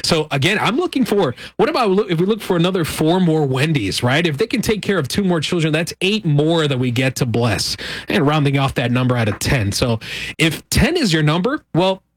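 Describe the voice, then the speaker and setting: A man representing a charity on air, making an upbeat, persuasive fundraising appeal and slowly repeating the phone number. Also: on the high side, big pitch swings, dry recording.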